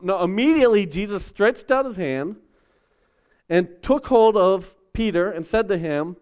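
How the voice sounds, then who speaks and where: A man preaching a sermon in a relaxed, conversational way, acting out voices as he tells stories. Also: high-pitched, a little slow, lo-fi sound. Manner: conversational, animated storytelling with acted voices. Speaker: pastor.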